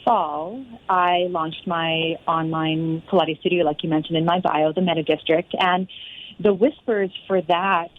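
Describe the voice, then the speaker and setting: A woman guest phoning in to a radio show, her voice a little low for a woman. She tells her story with lively energy and acts out the back-and-forth. The line is thin and phone-like. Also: measured pace. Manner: animated storytelling that acts out quoted exchanges. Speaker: guest, fitness studio owner. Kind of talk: storytelling interview answer.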